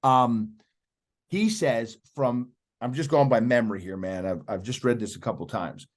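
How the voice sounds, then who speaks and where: A man's voice: medium pitch, normal speed. A middle-aged man talks as an interview guest, emphatic and persuasive. He presses the host with questions and keeps driving his point home. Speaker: podcast guest, youth speaker. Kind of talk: animated interview talk.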